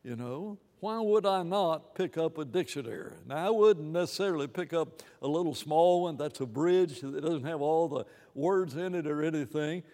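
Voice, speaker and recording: A man preaching a sermon in an animated, rambling way, with many restarts and fillers. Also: a little high, moderate pace, hardly any pauses, in a large hall.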